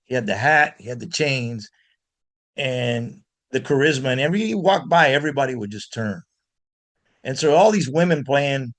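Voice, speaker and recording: A man from Miami, a guest blues guitarist, telling animated stories in an interview with frequent restarts. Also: medium pitch. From Miami, United States. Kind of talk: storytelling in an interview.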